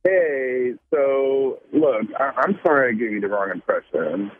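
A man speaks over a tinny phone line to a radio show, sounding sheepish and sentimental. His voice is a little breathy. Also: mid-range voice, expressive, unhurried, no echo, faint music behind. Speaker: caller.

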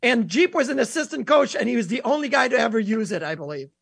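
A man co-hosting a sports radio show, telling stories in an animated way. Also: extremely high pitch, fast, vocal fry, breathy edge, no echo, studio quality. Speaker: radio co-host. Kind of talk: casual sports radio talk.

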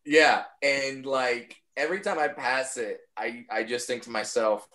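A man's voice: mid-range voice, steady tone, unhurried, few pauses, pushed and bright. A male comedian chatting casually on a podcast, rambling and incredulous. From United States.

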